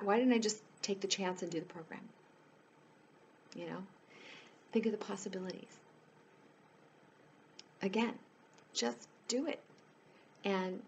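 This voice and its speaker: A woman's voice: deep voice, slight background noise. A woman life coach talking straight to her viewers in a casual, earnest way, pleading with them and leaning on "you know" as she goes. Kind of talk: casual direct-to-camera chat.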